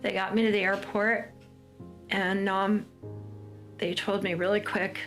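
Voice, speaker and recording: A woman's voice: mid-range voice, little pitch movement, a little slow, long pauses, a bit bright, faint music behind. A woman from the United States, speaking in a documentary interview and telling her story, often acting out what others said. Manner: storytelling, acts out quoted lines of others. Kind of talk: documentary interview, recounting a personal ordeal.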